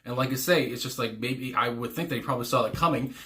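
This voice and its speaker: A man chats casually through a music reaction, rambling and restarting his sentences, with lots of fillers and small chuckles. His voice sits at an ordinary pitch for a man, with a bright, forceful edge. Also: fast talker. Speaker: music reaction channel host.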